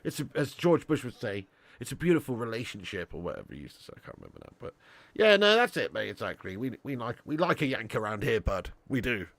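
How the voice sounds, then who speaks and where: A man's voice: mid-range voice, sing-song, fast, creaky, a bit bright, no echo. A man hosting a live football watch-along, reading out viewer messages and joking with cheeky boasts and lots of laughter. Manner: banter-heavy, laughs often, joking boasts. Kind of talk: live-stream chat reading super chats.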